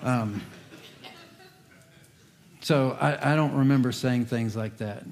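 A man's voice: mid-range voice, slow pace, a little mellow. A man, a pastor, giving a conversational sermon with folksy asides and light humor.

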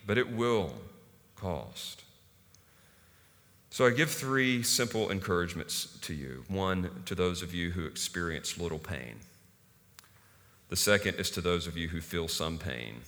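A man's voice: low voice, unhurried, long pauses, a bit bright. A man preaching a sermon as pastor in a casual, conversational way, with frequent fillers. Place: church hall. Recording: long hall reverb.

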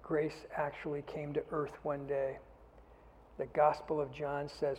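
A man preaching a sermon as pastor, earnest and often dropping to a soft, intimate delivery. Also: a little high, little pitch movement, unhurried, slight background noise. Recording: long hall reverb.

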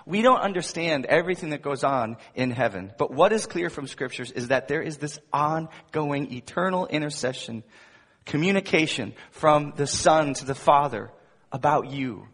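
Husky-voiced male pastor preaching in a reverberant hall. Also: a little high, animated, normal speed. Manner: emphatic preaching with wide swings between loud emphasis and soft asides. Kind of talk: sermon.

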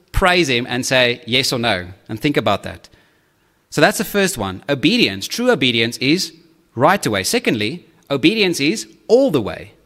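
A man preaching a sermon earnestly, often checking in with listeners and pushing his pitch up to stress key points. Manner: earnest, checks in with frequent "okay?" and "right?"; swings to high, louder emphasis on key points. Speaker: pastor.

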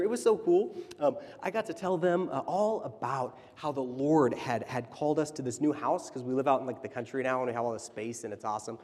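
A man in his thirties, a church leader, telling stories in a casual, animated sermon. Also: fairly high pitch. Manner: animated, chatty storytelling. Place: church sanctuary. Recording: reverberant church hall.

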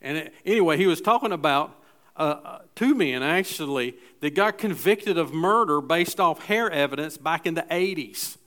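Conversational male preacher, slightly high voice. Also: animated, moderate pace, fairly bright tone. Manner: conversational preaching with restarts and acted asides. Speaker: pastor. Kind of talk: sermon. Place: church.

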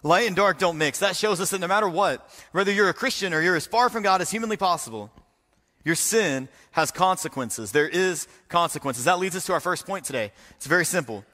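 A man's voice: sits high, fairly quick, pushed and bright, big-room sound. A man preaching a sermon as pastor, earnest and explanatory, acting out the complaints of the people he quotes.

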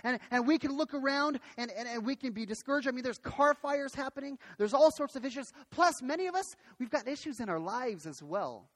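A man preaching a sermon as pastor, telling a story in an animated way, often restarting his sentences. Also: very high-pitched, brisk, hardly any pauses. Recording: long hall reverb.

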